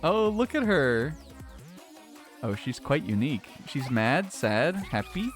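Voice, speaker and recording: A man's voice: medium pitch, very animated, slow pace. A man streaming a video game in a casual, rambling way, swearing often and laughing a lot. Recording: faint game music behind.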